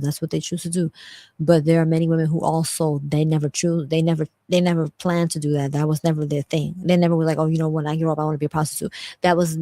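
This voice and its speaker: Low-voiced woman, earnest candid storytelling. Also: warm tone, no room sound. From grew up in US housing projects. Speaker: vlogger. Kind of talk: candid personal commentary.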